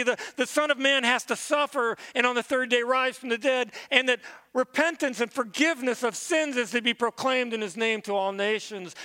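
A man's voice: very high-pitched, sharp tone. A man preaching a sermon, reading scripture aloud and then teaching on it in an earnest way, often repeating a word as he restarts. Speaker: pastor. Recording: long reverb of a big room.

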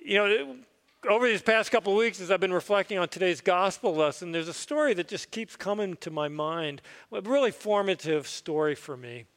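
A man's voice: sits high, fairly quick, a bit bright, long reverb tail. A man, a pastor, telling a parable in a conversational, reflective sermon in church. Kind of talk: sermon storytelling.

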